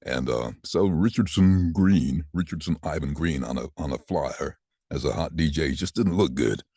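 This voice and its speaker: A man in his sixties with a deep voice, telling stories in a casual interview and acting out the voices of people he quotes. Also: moderate pace, breathy edge, no echo, clean studio sound. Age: 60s. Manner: animated, acts out quoted voices. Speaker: voice actor guest.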